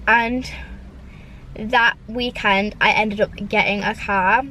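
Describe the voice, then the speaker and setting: In a low-quality recording with slight background noise, a young adult vlogger chats from her parked car, rambling and saying "like" constantly. Her voice is a little high, pushed, and bright.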